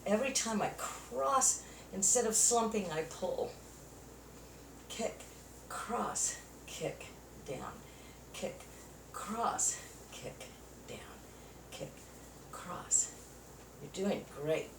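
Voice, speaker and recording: A woman's voice: medium pitch, lively intonation, slow pace, long pauses. A woman leading a chair yoga class, counting out moves and giving encouraging cues while a little out of breath. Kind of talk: exercise class instruction. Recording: roomy echo, distant mic, faint noise.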